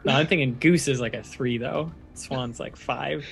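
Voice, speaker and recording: A man playing in a tabletop role-playing game, playful and quick to laugh. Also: medium pitch, vocal fry, faint music behind. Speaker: player.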